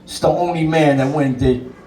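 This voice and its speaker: Dj guy telling it straight and cursing, mellow voice, sounds off mic in an echoey room. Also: fairly high pitch, steady tone, fairly quick, recorded from a distance, a little hiss or hum. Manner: blunt, emphatic, swears freely. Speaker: DJ and interview guest. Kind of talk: candid personal storytelling. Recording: roomy sound, away from the mic.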